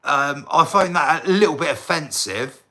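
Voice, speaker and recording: A man's voice: a little high, lively intonation, moderate pace, bright, forceful tone. An English man on a casual livestream, rambling and talking straight to his chat viewers, now and then flaring up in indignant bursts.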